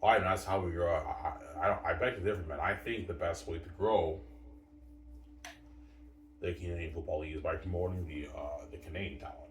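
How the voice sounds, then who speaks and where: Man, sports commentary rant, very low voice, stammers and restarts, distant mic in an echoey room. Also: steady tone, fairly quick. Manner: repetitive, stammering restarts, calls listeners "man" and "guys". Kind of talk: casual opinion rant to camera. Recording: roomy room, distant mic, faint ambient noise.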